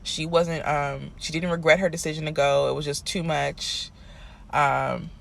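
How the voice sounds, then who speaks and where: A man's voice: a little high, flat delivery, a little slow, gravelly, a bit bright. A man giving a casual, sassy recap rant of a TV episode, telling it in an exasperated, chatty way. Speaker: TV recap commentator.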